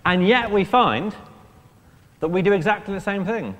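A man preaching an all-age church sermon, chatty and lively, asking the children questions. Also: high voice, brisk. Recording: long church reverb.

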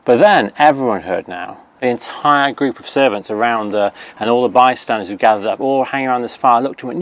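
Gravelly-voiced man telling a Bible story. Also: medium pitch, brisk, hardly any pauses, roomy sound, distant mic. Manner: conversational, animated storytelling, dropping to a hush for emphasis. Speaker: preacher. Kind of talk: children's sermon retelling a Bible story.

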